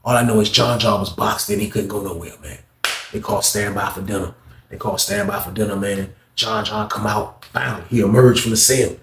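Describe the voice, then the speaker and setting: A man's voice: lowish voice, a little fast, a bit bright, slight background noise. A man casually telling a long story, rambling and repeating phrases while addressing listeners as y'all. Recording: roomy echo.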